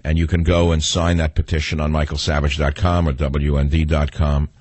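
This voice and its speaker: Man, New York accent, talk radio host, sarcastic rant, gruff husky voice, dead-dry studio sound. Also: a bass voice, flat delivery, fairly quick, darkish tone, no echo. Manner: combative, sarcastic ranting.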